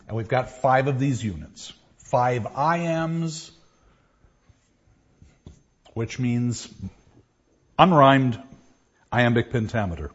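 A man teaching a class, explaining verse and reading lines aloud with pauses. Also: mid-range voice, lively intonation, husky. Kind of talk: classroom lecture. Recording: dull lo-fi classroom recording.

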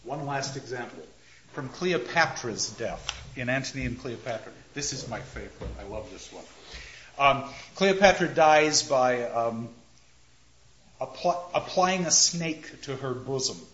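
A man giving a classroom lecture, talking deliberately and emphatically and slowing down to stress his points. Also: medium pitch, lively intonation, a bit bright. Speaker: lecturer on Shakespeare. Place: classroom with a marker board. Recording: roomy, dull lo-fi lecture recording.

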